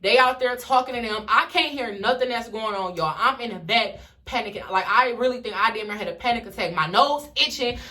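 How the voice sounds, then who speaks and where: A young woman vlogger from Detroit tells a wild story straight to camera, her voice sitting a little high and sounding bright and forceful. She swears freely and jumps into everyone's lines as she goes. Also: fairly quick. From Detroit, USA. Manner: animated, swears freely, acts out the dialogue. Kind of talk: casual storytime vlog.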